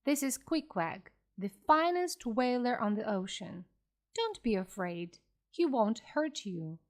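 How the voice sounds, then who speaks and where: A woman reading aloud for learners, voicing a large red-faced barman who gives slow, firm commands. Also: very high voice, sing-song, heavily acted.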